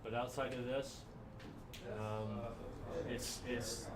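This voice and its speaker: A man's voice: mid-range voice, flat delivery. Man running a tabletop game, far off. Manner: loose, joking, halting narration. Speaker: game master. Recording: roomy, distant mic with clear noise.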